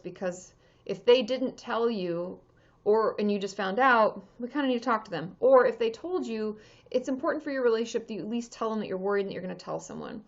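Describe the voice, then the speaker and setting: A woman therapist chatting casually on a livestream, answering viewer questions with lots of fillers and restarts. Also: mid-range voice. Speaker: therapist answering live chat. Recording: dull lo-fi livestream audio.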